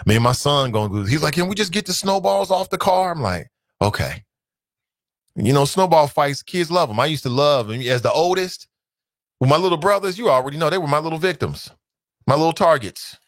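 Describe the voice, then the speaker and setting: A man's voice: fairly high pitch, a little fast, no echo. A man in his thirties hosting a talk radio show, reading listener comments aloud and reacting with laughter and opinions. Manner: animated, laughing, mocks voices.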